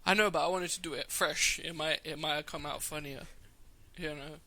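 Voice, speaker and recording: A man's voice: a little high, steady tone, normal speed, a loud crowd. A young man co-hosting a podcast in casual chat, crude and joking, often giggling. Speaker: podcast co-host.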